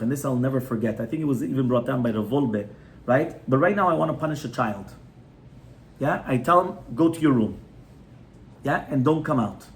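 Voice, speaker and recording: A man with a medium-pitched voice, a rabbi, leads a home Torah class on raising and educating children. His teaching is conversational, peppered with "right?" to check on the small audience, and there's slight background noise.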